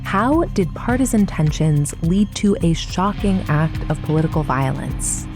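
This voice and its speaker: Podcast host, woman, lowish voice, measured scripted history narration with dramatic pauses. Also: animated, music in the background.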